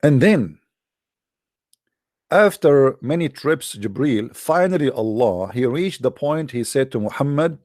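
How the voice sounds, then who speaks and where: A man's voice: mid-range voice, expressive, measured pace, darkish tone, no echo, clean studio sound. A man delivering an argumentative monologue in non-native English, full of sarcasm and rhetorical questions aimed at his listeners. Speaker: presenter of religious debate videos.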